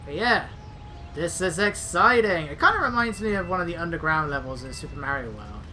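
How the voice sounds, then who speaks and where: A woman talks through a video game in casual commentary, making dry, joking remarks as she plays. Her voice sits on the low side but has a bright, crisp edge. Faint game music plays underneath. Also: lively intonation, fairly quick. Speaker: let's player.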